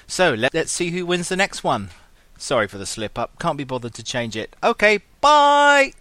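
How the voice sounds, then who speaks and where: Quick, bright-voiced man. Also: mid-range voice, expressive, no echo. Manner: chatty, jokey. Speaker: community segment host. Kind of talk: pre-recorded casual announcement.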